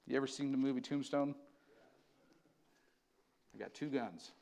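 A man preaching a sermon in a church, reading scripture slowly and building to loud, emphatic bursts. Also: mid-range voice, vocal fry, a little hiss or hum. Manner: slows to read scripture aloud. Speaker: pastor. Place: church sanctuary.

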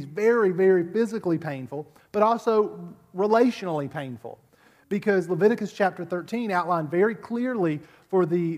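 A pastor with a notably high voice preaches a sermon at a church service in a chatty, conversational style, repeating words as he builds toward his point. A long reverb carries his voice as though through a large hall.

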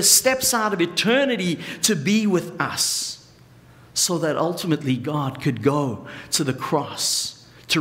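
A middle-aged male pastor preaching in an earnest, conversational way. His voice sits a little high for a man, and he stretches out the important words with long pauses. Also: a bit bright. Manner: earnest, pausing for emphasis, slowing on key phrases. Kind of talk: sermon.

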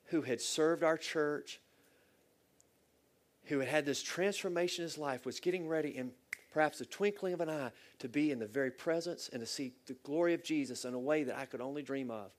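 Earnest pastor preaching with emotion. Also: male voice, mid-range voice. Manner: earnest, emotional storytelling with sudden loud bursts and soft, near-whispered lines. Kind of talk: sermon.

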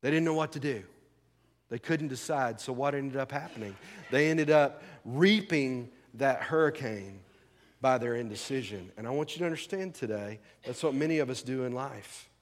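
A man's voice: medium pitch, moderate pace. A male pastor preaching a sermon in a folksy, conversational way, asking the congregation questions. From rural American South. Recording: long hall reverb.

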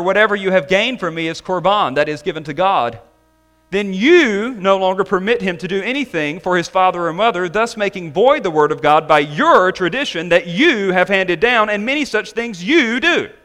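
Man pastor, high bright voice, emphatic sermon delivery with drawn-out key phrases. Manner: emphatic preaching, slowing down to stress key words.

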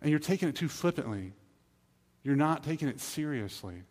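A man's voice: a little high, animated, moderate pace, darkish tone. A man pastor, preaching a sermon in an earnest, pleading, conversational way with acted asides. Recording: reverberant hall.

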